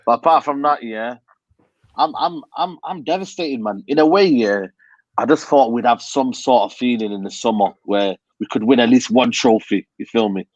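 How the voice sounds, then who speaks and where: Husky hushed fan on a call. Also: male voice, mid-range voice, normal speed, no room sound, lo-fi sound. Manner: emphatic, repeats yeah and man. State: talking quietly, near a whisper. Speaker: football fan pundit. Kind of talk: heated football rant. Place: hotel room. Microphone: video call.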